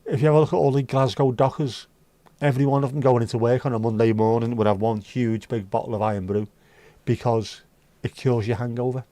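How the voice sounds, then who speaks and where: A man's voice: mid-range voice, fairly even intonation, fairly quick, mellow, no echo. A man hosting a casual livestream from his room at home, chatting with viewers in a rambling, sweary, wry way. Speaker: livestream host. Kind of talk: casual chat reading viewer comments.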